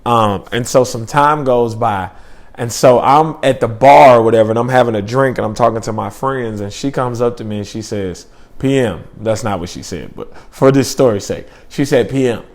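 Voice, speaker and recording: A man's voice: medium pitch, moderate pace. A young man telling a personal story in a laid-back, slangy, rambling way with lots of fillers. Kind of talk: casual storytelling.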